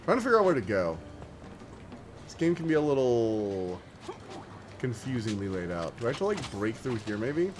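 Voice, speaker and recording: A man's voice: mid-range voice, sing-song, moderate pace, long pauses, over music. Chatty American man streaming a game. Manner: chatty, rambling, lots of "like". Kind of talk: casual let's-play commentary.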